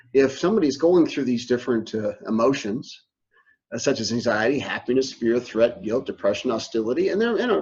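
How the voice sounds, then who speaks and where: A man's voice: fairly high pitch, a little mellow, breathy edge. A middle-aged man, a university instructor, giving a recorded lecture in a conversational way and acting out people's reactions in quoted lines. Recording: dull lo-fi recording.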